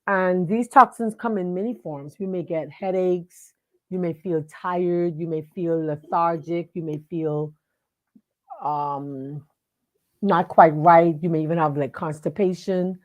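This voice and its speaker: A woman's voice: on the low side, a little slow, a little mellow, lo-fi sound. Chatty woman hosting a live talk show. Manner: chatty, greets viewers by name, many fillers and restarts. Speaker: host of a live online show. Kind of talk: casual live-stream talk. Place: home studio at a computer.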